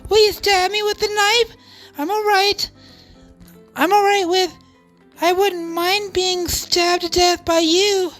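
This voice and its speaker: A woman's voice: very high-pitched, steady tone, slow pace, a bit bright, soft background music, pitched above the performer's own voice, exaggerated voice. A woman voicing an obsessive, lovestruck young woman with a machete, who stammers and pleads breathlessly. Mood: obsessive pleading.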